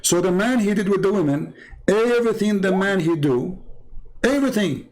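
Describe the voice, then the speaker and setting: A man's voice: sits high, normal speed, a little mellow. A man in a heated debate, insistent and repeating himself, quoting and reading text aloud.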